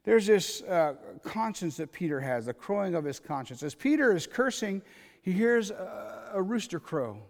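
Guy preaching, high-ish voice, chatty sermon, gets loud then drops way down, big echoey church hall. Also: very animated, normal speed. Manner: conversational preaching, swings between loud emphasis and quiet asides. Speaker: pastor.

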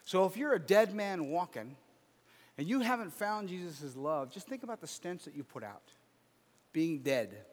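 A pastor with a notably high voice delivers a sermon, moving between scripture reading and relaxed, chatty asides to the congregation. His voice rings with a long reverb, as if it fills a large hall. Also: moderate pace. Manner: reads scripture aloud, then riffs with casual asides.

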